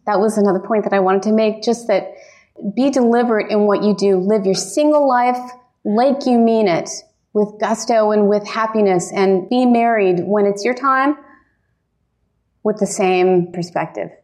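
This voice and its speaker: A woman keynote speaker telling her personal faith story as lively storytelling, laughing often and giving earnest encouragement from a conference stage. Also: mid-range voice, normal speed. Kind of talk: personal testimony talk.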